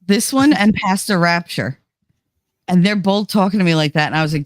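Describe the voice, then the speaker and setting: A woman hosting a casual live chat, teasing her guests and quick to laugh. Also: lowish voice, dry recording, studio quality. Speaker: stream host.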